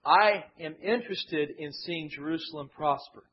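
A man's voice: fairly high pitch, moderate pace, breathy edge. A man preaching an expository Bible sermon who acts out the voices he quotes with dramatic swings. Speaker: pastor. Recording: muffled lo-fi sermon recording.

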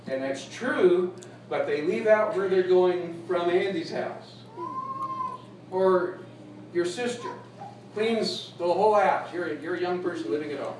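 Heard from afar in a room full of echo and faint noise, this male pastor delivers a folksy, funny sermon. His voice is high-pitched, animated and a little mellow, his pace unhurried, and he laughs at his own jokes.

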